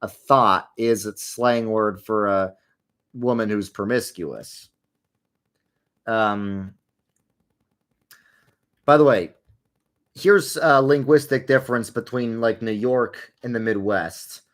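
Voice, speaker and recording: A man's voice: on the low side, takes it slowly, pauses often. Chatty young man streaming while gaming. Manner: rambling, chatty, drifting into wry sarcastic asides. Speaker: livestream host answering viewer questions. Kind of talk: casual livestream chat while playing a game.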